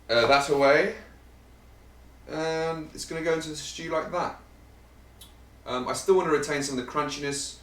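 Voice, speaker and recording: A man's voice: medium pitch, fairly bright tone, slight background noise. Chatty man in a roomy kitchen. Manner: chatty and rambling, joking about himself. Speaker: vegan cooking channel host. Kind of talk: casual cooking-show explanation to camera. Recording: roomy sound, mic set at a distance.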